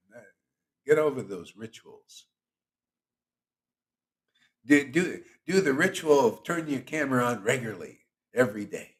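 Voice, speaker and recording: A man hosting a devotional livestream who preaches in a casual, slangy, teasing way and laughs often. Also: fairly high pitch. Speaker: spiritual teacher hosting a chanting session.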